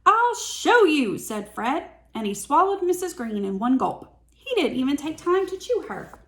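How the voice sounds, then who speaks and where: A woman reading a picture book aloud as a teacher, with slow, expressive storytelling. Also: sits high.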